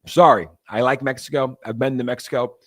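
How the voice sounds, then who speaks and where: A man's voice: mid-range voice, fairly even intonation, a little fast, a bit bright. Young man, crypto stream host, casual rambling chat, filler-heavy, reads chat aloud.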